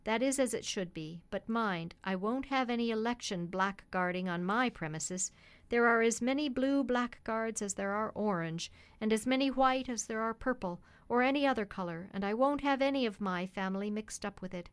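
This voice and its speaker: A woman reading the part of a principled working cab driver, a father who speaks gravely and firmly. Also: a little high, normal speed, close to an everyday voice. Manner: grave, firm and earnest. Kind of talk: reading a children's classic on radio.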